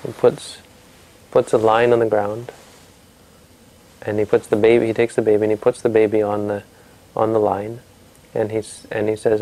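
A man's voice: fairly low pitch, level tone, normal speed, pauses often, warm tone, rough recording. A man telling a traditional story to a family audience in a conversational way, asking his listeners questions and often restarting his sentences.

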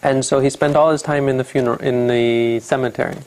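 A man telling a Buddhist story as a teacher, halting and often correcting himself as he reflects aloud. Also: medium pitch, steady tone, a little mellow, low-quality recording. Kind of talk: storytelling dharma talk.

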